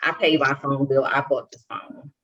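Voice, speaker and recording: With a rumbling low voice, a bit bright, and a flat delivery at normal speed, this young woman co-hosts a podcast. In casual chat, she tells a personal story and animatedly acts out the dialogue. The recording sounds dull and lo-fi.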